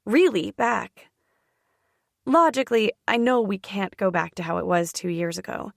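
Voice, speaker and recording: A woman narrating a first-person romance audiobook in an intimate, expressive way on a close studio mic. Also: mid-range voice, moderate pace, gravelly, no room sound.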